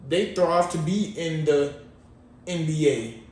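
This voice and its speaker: A man's voice: fairly high pitch, takes it slowly, a little mellow, far from the mic. A man co-hosting a podcast in casual chat, rambling and slangy in a laid-back way. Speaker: podcast co-host. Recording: echoey room, off-mic, faint noise.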